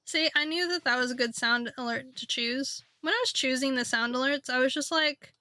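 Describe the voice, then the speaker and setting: A woman's voice: high voice, normal speed, hardly any pauses, sharp tone. A woman streaming a game, chatting in a rambling, playful way with lots of fillers. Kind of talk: casual chat while streaming a game.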